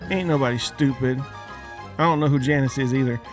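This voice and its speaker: A man's voice: medium pitch, level tone, fairly quick, music in the background. Joking man ranting to his listeners. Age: adult, father of young kids. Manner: joking, asks the audience many questions. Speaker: podcast host. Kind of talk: casual holiday rant.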